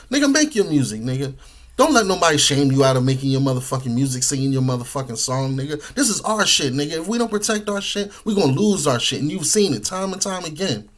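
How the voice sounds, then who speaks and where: Animated profane man ranting about music. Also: high voice, fast. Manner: animated, profane, preachy, lots of slang. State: eating while talking. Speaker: podcast host. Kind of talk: casual monologue.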